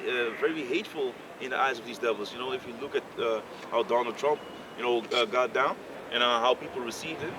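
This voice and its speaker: A man in a casual group discussion who speaks haltingly with many fillers and builds into heated rhetorical questions. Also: medium pitch. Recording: distant mic, clear outdoor noise.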